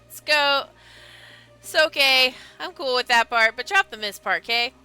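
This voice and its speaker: A woman's voice: high-pitched, measured pace, bright, forceful tone, smooth, soft background music, heavily acted. A woman voicing a brash, cheeky young female mage with a breezy, cocky way of talking.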